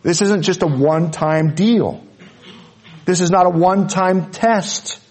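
A man preaching a sermon, earnest, dropping to soft low asides and rising to loud high peaks. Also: a little slow. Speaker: pastor.

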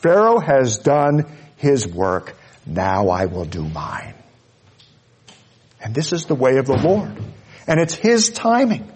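A man preaching a sermon, earnest, dropping to soft low asides and rising to loud high peaks. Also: sing-song, takes it slowly, pauses often, slightly rough. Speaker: pastor.

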